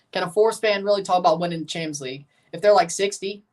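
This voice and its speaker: A man's voice: high-pitched, quick pace, recorded from a distance. Rambling man a bit off-mic. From Mississippi Delta, USA. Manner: rambling, jokey, self-correcting asides. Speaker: streamer reacting to a football match. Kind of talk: casual livestream watchalong commentary.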